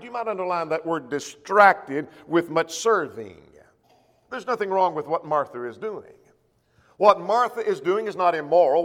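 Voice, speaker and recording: Man preaching in an echoing hall. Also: sits high. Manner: measured, slows to quote scripture. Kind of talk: sermon. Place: church auditorium. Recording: long echo of a church hall.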